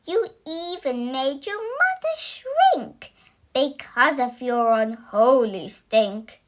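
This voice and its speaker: A woman's voice: sits high, big pitch swings, slow, heavily acted. A woman voicing a furious mother who shrieks and scolds her son. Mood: scolding.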